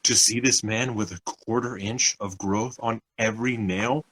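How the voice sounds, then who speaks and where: A man's voice: fairly low pitch, fairly even intonation, normal speed, a bit bright, slight background noise, poor audio. A young man co-hosting a podcast, telling a story in casual chat, acting out other people's lines and swearing often. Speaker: podcast co-host.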